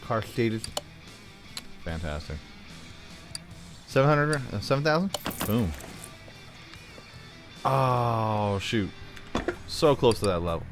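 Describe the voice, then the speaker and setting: Brief: lower-voiced male gaming host, chatty play-along talk, slightly sore throat, quiet music underneath. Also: expressive, slow pace, long pauses. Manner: rambling, chatty, thinking aloud. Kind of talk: casual gameplay commentary.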